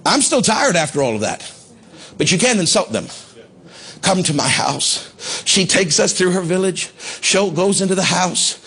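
A man pastor telling a testimony in a sermon, impassioned, building to shouts at the climax. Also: sits high, animated, normal speed, breathy edge. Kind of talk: sermon storytelling.

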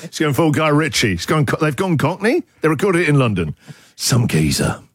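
A man's voice: on the high side, quick pace. A man hosting a radio show, bantering playfully and chuckling often as he talks. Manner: jokey, chuckles often, lively delivery. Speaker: radio host. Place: radio studio. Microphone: studio microphone. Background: music bed under the talk.

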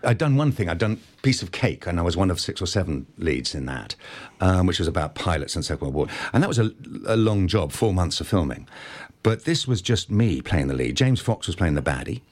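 A middle-aged actor telling stories in an interview, animated and stumbling over restarts. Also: male voice, low-pitched, brisk. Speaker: actor, guest. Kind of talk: interview anecdote.

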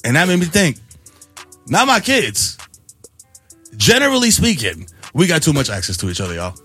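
A man, hosting morning radio and riffing in animated banter. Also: on the high side, normal speed, slightly rough, soft background music. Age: 40s. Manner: animated, riffing, lots of "you know what I'm saying". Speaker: radio host. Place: radio studio.

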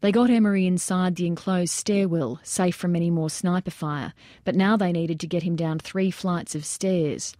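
A woman reading nonfiction narration aloud in steady storytelling style. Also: lowish voice, normal speed, no echo. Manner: steady storytelling that acts out shouted quotes.

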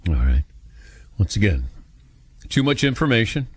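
Lively low-voiced radio host. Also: male voice, slightly rough, no echo. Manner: lively, wry delivery with quick reads. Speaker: sports talk radio host. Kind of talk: sports radio show hosting.

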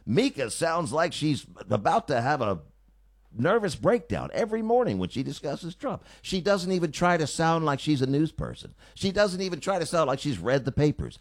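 A male talk radio host delivers a sarcastic, opinionated monologue. His pitch moves in a lively way. The studio sound is close and dry. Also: normal speed, no echo. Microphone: studio mic.

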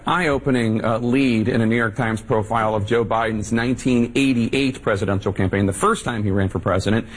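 Male TV anchor, husky, wry, measured. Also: fairly low pitch. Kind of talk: television news commentary.

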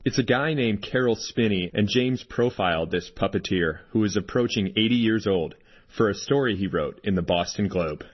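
A male host giving scripted radio narration in a smooth, measured way. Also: fairly low pitch. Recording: muffled, with music under.

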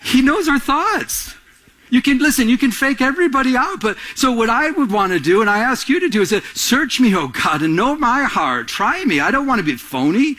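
A middle-aged man preaching a sermon as pastor, animated, jumping between loud emphatic lines and quiet asides, acting out little voices in his stories. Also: very high-pitched, a little fast, few pauses. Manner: acts out little voices in anecdotes, laughs while telling them.

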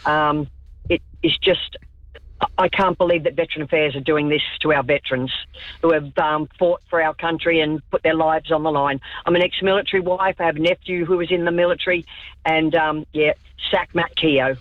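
A woman's voice: low voice, steady tone, moderate pace, dry recording. A woman calling in to a talkback show, earnest and upset. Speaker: caller. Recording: tinny phone line.

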